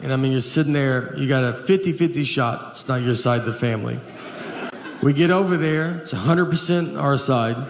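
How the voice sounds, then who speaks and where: A male stand-up comedian with a mid-range voice and an understated, deadpan delivery. His stories wander along with lots of filler words. He is on a handheld mic on a theater stage, and there is a long hall echo with clear audience noise behind him. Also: mid-range voice, a little fast. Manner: deadpan, rambling storytelling with many fillers.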